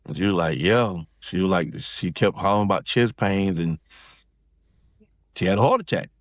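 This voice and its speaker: Low-voiced man telling a story. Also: normal speed, dry recording, studio quality. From South Carolina, US. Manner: loose, rambling, with many restarts and fillers. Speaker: podcast guest. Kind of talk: casual storytelling chat.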